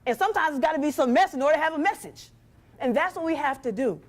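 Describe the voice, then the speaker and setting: A woman giving a motivational talk from a stage, speaking straight to the audience with a lively, preacher-like rhythm. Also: sits high, fast talker.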